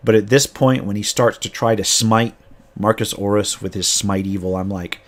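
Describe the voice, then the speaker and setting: A man's voice: lowish voice, fairly even intonation, normal speed. A man game master casually retelling a tabletop campaign, rambling with frequent restarts.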